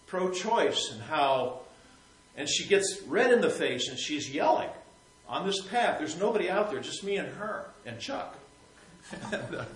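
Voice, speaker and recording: A man telling a personal faith story in a rambling, repetitive way, sometimes growing soft and emotional. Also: on the high side, roomy sound, rough recording. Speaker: Christian storyteller.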